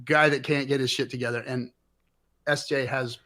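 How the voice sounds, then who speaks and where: A man's voice: medium pitch, fairly even intonation, moderate pace, pushed and bright. A middle-aged man hosting a livestream, ranting with fired-up, profane emphasis. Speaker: host. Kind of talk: impassioned livestream rant.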